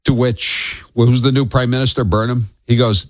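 A man's voice: mid-range voice, steady tone, moderate pace, no echo, studio quality. A man hosting a talk radio show, speaking bluntly and scornfully and rambling with restarts as he takes callers. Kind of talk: opinionated talk radio chat.

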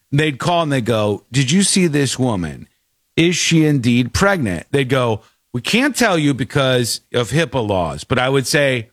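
Animated storytelling man, lively pitch. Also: moderate pace, no echo, studio quality. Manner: animated storyteller, acts out quotes. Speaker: podcast host. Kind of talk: casual chat.

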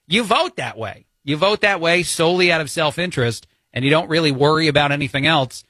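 Bright-voiced Jersey man hosting talk radio. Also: fairly high pitch, a little fast, few pauses, no room sound. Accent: New Jersey. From New Jersey. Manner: opinionated, chatty, with many fillers. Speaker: fill-in radio host.

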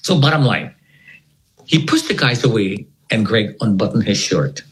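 A man with a fairly low voice tells a personal story to an interviewer. His pitch swings widely as he tells it. He acts out each person's voice in turn, with plenty of energy. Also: sing-song, moderate pace, rough recording. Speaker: interview guest.

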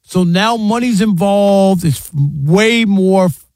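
A man hosting sports talk radio, arguing his point emphatically and acting out fans yelling. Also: sits high, slow, no echo, studio quality. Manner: emphatic, argumentative, acts out fans' yelling.

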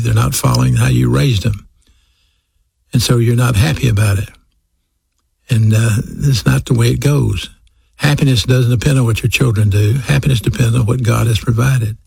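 A man's voice: mid-range voice, gravelly, a little mellow, slightly rough, dry recording. A man preaching a sermon, speaking straight to his listeners and repeating key phrases for emphasis. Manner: addresses listeners directly.

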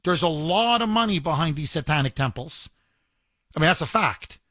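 A man hosting a call-in talk radio show, indignant and animated, repeating himself as he rants. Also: on the high side, normal speed, dry recording, clean studio sound.

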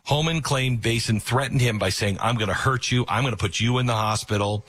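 A man's voice: mid-range voice, normal speed, a bit bright, slightly rough. A man giving opinionated political news commentary, retelling stories sarcastically and acting out the quotes.

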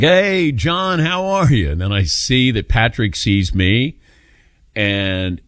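A man's voice: sits low, dry recording, clean studio sound. A man hosting a sports talk radio show, telling stories casually and taking calls. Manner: animated anecdote-telling, mimics voices in quotes.

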